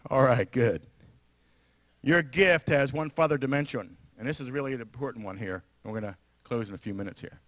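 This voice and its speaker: A man with a New York area accent, preaching a sermon as pastor in an animated, emphatic way with frequent laughter. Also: mid-range voice, normal speed, long pauses, dry recording. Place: church sanctuary.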